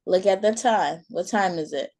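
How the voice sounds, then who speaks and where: A woman voicing a patient but firm young mother, gently scolding her child at bedtime. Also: mid-range voice, normal speed, natural voice.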